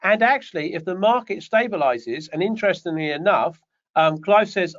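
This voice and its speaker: High-voiced guy rambling thru a property q&a, kinda muffled video call sound. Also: lively intonation, moderate pace, fairly bright tone. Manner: chatty, rambling, joking asides. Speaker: property development coach. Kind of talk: online Q&A session. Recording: dull lo-fi online call audio.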